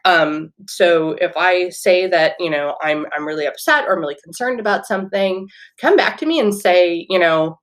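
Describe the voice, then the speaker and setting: A woman's voice: on the low side, moderate pace, few pauses. A woman in her thirties hosting a podcast from home, talking earnestly in a rambling way with many fillers and restarts. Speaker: podcast host, teacher. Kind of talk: casual solo podcast talk. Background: washing machine running.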